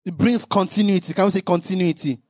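Man, preacher, impassioned sermon, shouted emphasis, dry close sound. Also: high-pitched, quick pace, dry recording.

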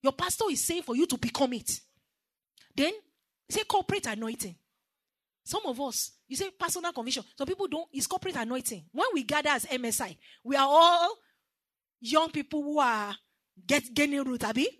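A woman with a Nigerian accent preaches a sermon in a high, lively voice. Her tone is bright and ringing, and she is recorded dry and close. She drives her points hard and has the congregation answer back. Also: a little fast, no room sound. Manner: emphatic, call-and-response with the congregation.

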